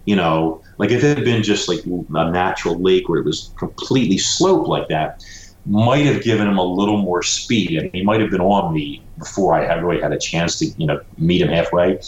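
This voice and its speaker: A man's voice: sits low, moderate pace, reverberant, lo-fi sound. A man who is an author, telling a story animatedly in a conversational interview and saying "you know" often. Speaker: author guest.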